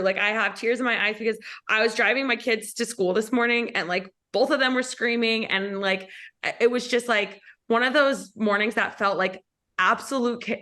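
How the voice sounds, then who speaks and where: A woman's voice: a little high, sharp tone. A woman hosting a podcast, talking effusively in casual conversation. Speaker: podcast host.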